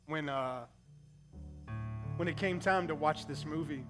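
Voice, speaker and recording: Guy pastor with a pretty high voice, telling stories in a sermon, gets emotional, music under it. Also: unhurried. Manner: emotional, conversational storytelling preacher.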